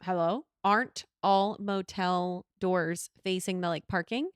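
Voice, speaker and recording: A woman's voice: on the low side, steady tone, a little slow, clean tone, dry recording, clean studio sound. A woman in her twenties co-hosting a podcast, reacting bluntly and swearing freely in casual chat. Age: 20s. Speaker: podcast co-host.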